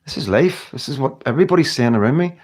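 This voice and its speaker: A man's voice: medium pitch, animated, fast talker, darkish tone. Emotional middle-aged man livestreaming. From United Kingdom. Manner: emotional, earnest, impassioned; rambling with repeated restarts. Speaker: livestream host. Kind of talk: live stream talk to viewers.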